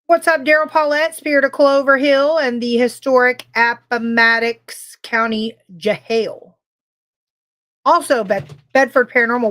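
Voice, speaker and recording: A woman's voice: on the high side, steady tone, unhurried, a bit bright. A woman co-hosting a casual livestream podcast, bubbly and rambling, laughing often as she chats and greets viewers. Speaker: podcast co-host.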